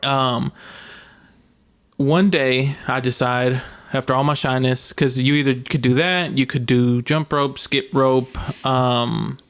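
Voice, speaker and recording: A young man co-hosting a podcast, telling stories in a casual, animated way. He acts out the voices of people in his stories and laughs often. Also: medium pitch, takes it slowly, clear, resonant tone. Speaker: podcast co-host. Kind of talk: casual storytelling chat.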